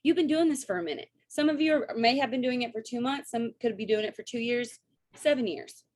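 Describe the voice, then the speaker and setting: A woman, coaching her sales team on a video call in an energetic, chatty way and often checking in with "right?" and "okay?". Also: on the high side, fairly quick. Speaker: network marketing coach.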